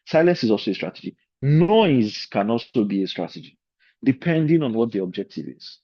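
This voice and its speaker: The recording has no room sound but is somewhat dull and lo-fi. On it, a man of medium pitch lectures informally to a leadership course, his talk full of loose, rambling asides.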